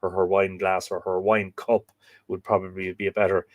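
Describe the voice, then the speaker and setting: A man's voice: deep voice, flat delivery, normal speed, no room sound, phone-quality sound. An Irish man hosting a live show, reading old myths aloud and wandering into chatty, humorous asides, recorded in a room at home with bookshelves. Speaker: podcast host and reader.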